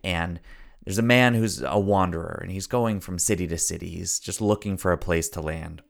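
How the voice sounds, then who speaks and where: Deep gravelly guy doing a motivational podcast, earnest and preachy, repeats himself a lot. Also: normal speed. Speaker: podcast host, story coach.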